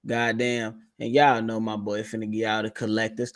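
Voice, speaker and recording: A man's voice: medium pitch, very animated, normal speed, few pauses. A man co-hosting a sports podcast, throwing out blunt, profane one-liners. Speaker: podcast co-host. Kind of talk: casual sports podcast banter.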